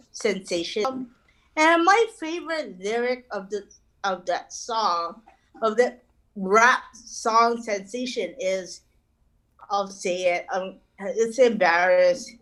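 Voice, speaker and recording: A woman's voice: on the high side, fairly bright tone, low-quality recording. A woman doing an online stand-up set, rambling and swearing, with lots of "you know" fillers. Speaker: stand-up comedian.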